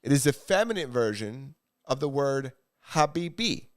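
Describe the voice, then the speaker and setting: A young man in casual podcast talk who teases dryly and reads things out in a mock-serious way. His voice sits at an ordinary middle pitch. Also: very animated, normal speed. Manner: dry and teasing, reads facts out with mock seriousness. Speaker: podcast co-host. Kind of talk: casual chat.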